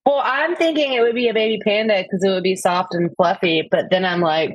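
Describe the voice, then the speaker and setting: A woman's voice: mid-range voice, brisk, no room sound, muffled recording. A woman in her forties chatting casually with her sister on a podcast, hesitating and laughing easily. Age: 40s. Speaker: podcast guest. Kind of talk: casual chat between sisters.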